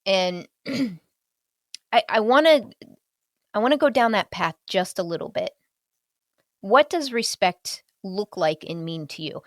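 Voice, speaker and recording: A woman hosting an interview, who talks in an animated way, chuckles often and restarts her sentences. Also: medium pitch, slow pace, long pauses, dry recording, clean studio sound. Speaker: host. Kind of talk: conversational interview.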